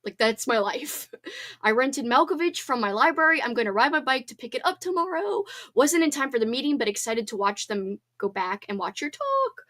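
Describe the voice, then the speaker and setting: A woman's voice: high voice, sing-song, normal speed, fairly bright tone. A woman in her thirties hosting a casual livestream hangout, chatting and reading viewer comments aloud. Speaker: host.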